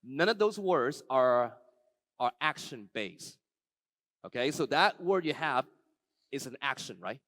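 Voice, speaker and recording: A man giving a live keynote talk, running a magic trick with a volunteer before an audience, shifting from soft, slow passages to loud, excited calls. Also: medium pitch, dry recording.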